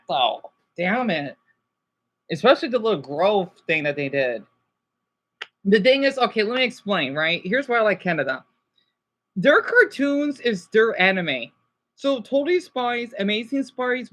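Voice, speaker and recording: A man chatting casually on a livestream, answering viewers, rambling and excitable with lots of restarts and exclamations. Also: high voice. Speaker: YouTuber.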